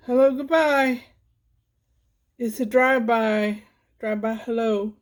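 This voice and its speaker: A woman with a fairly high voice croons sing-song baby talk to a cat while she films it on her phone. She speaks slowly and unhurriedly, filming from indoors by a window. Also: expressive. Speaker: pet video maker.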